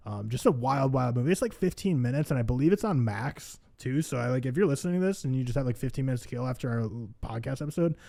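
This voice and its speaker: A man's voice: mid-range voice, lively intonation, quick pace, creaky, few pauses, dark tone, no echo, studio quality. A man co-hosting a casual movie podcast, talking enthusiastically with lots of "like". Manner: enthusiastic, filler-heavy. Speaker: podcast co-host. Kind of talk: casual movie-ranking chat.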